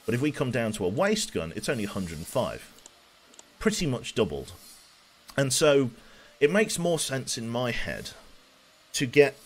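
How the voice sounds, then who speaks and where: A man's voice: medium pitch, wildly swooping pitch, a little slow, pauses often. A man in his twenties from England with a faint Birmingham accent, giving chatty, self-mocking commentary as he plays a game on a live stream. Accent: light Birmingham. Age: 20s.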